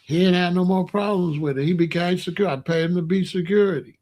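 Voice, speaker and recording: Man, casual streetwise storyteller, voice a touch high. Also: steady tone, brisk, darkish tone. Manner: loose, streetwise, drops into low murmurs. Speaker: storyteller host.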